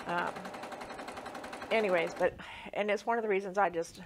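A woman's voice: mid-range voice, fairly even intonation, normal speed, background noise. A woman quilter chatting casually through a sewing demonstration, rambling with lots of fillers.

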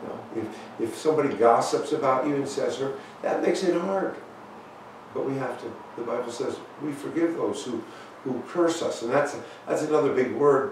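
A man gives a children's talk in a church sanctuary, folksy and halting with lots of fillers. His voice echoes strongly through the big room. The mic sits far away and a faint hum of the room runs underneath. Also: mid-range voice. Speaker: pastor giving children's talk. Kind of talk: children's sermon with storybook.

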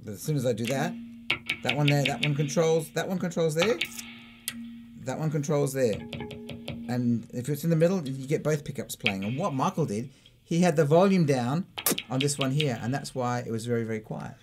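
A man's voice: mid-range voice, lively intonation, moderate pace. A man co-hosting a casual chat, patiently explaining how a guitar's volume controls work. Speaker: co-host.

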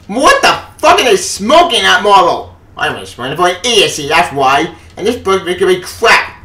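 A man giving a furious, profane rant on a comics news vlog, often shouting. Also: sits high, big pitch swings, moderate pace. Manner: angry, profane ranting with frequent shouting. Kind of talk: ranting opinion vlog. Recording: echoey room, voice off-mic.

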